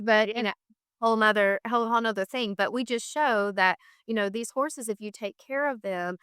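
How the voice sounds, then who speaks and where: A woman's voice: mid-range voice, fairly bright tone, clean tone, dry recording, studio quality. A woman speaking as a podcast guest, earnest and emphatic, repeating phrases for stress. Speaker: guest, founder of an equine therapy charity. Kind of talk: casual podcast conversation.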